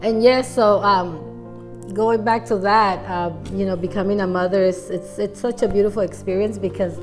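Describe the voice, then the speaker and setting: A middle-aged woman, a mother of three, speaking in casual reflective chat, softly and haltingly, repeating words as she searches for them. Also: medium pitch, steady tone, faint music behind. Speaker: guest, wife and mother of three.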